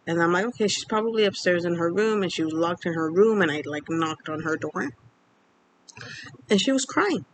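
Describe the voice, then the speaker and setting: A woman's voice: fairly low pitch, moderate pace, slight background noise. A young woman in her twenties, from Mexico, candidly telling a personal story in a casual vlog, rambling with lots of fillers. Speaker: vlogger.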